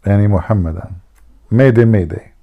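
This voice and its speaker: A man's voice: lowish voice, moderate pace, narrow, tinny audio. A man hosting a live stream, teasing his viewers and telling jokes in a mocking way. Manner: mocking, teasing, jokey asides.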